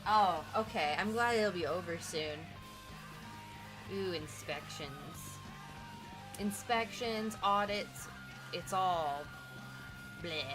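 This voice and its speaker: A woman's voice: fairly low pitch, slow, pauses often. A young woman streamer chatting casually with her viewers, rambling and reacting to their messages. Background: music playing in the background.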